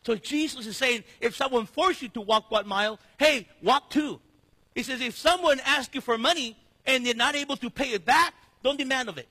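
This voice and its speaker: A man preaching a sermon with lively delivery, jumping between loud emphasis and hushed, slow lines. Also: very high-pitched, slightly rough. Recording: echoey hall reverb.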